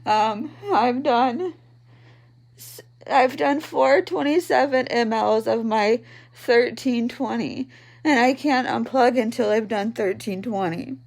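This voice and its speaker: Lying in bed at home, a woman in her thirties, a patient, records a personal video diary as a vlogger. Her fairly high, slightly mellow voice is gravelly with vocal fry, and she talks slowly, haltingly and tearfully, full of ums and pauses.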